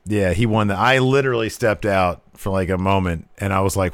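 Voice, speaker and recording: A man's voice: sits low, fast, few pauses, no echo. A man chatting casually as a podcast co-host, recapping wrestling and acting out quotes in funny voices. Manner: animated, acts out quotes in voices.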